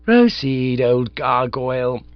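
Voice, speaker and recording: A man's voice: medium pitch, big pitch swings, takes it slowly, smooth, no room sound, voice pushed up. A man voicing a breezy, easily flustered young upper-class idler who sounds exasperated, in a dull, dry recording.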